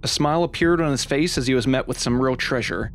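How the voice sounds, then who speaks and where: A man's voice: mid-range voice, fast talker, a bit bright, slight background noise. A man hosting his channel, telling an adventure story from a game playthrough in an upbeat, dramatic storytelling manner. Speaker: channel host and narrator.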